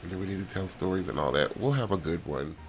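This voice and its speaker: A man's voice: low-pitched, fast talker. A man giving casual commentary while playing a life-sim game, chatting and reading the characters' dialogue aloud. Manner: chatty, reads sims' dialogue aloud, squeals now and then. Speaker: let's player.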